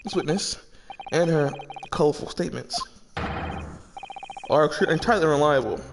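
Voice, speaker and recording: A man voicing a cold, haughty aristocratic prosecutor in a slow, measured, disdainful way, with game music playing behind. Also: on the high side, gravelly, background noise.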